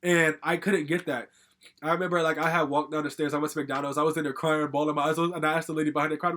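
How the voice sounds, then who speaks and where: A man's voice: on the high side, flat delivery, racing, fairly bright tone. A young man from Connecticut telling a personal story in a casual, rambling way, full of "like" fillers and casual swearing. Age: young adult. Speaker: storytime vlogger.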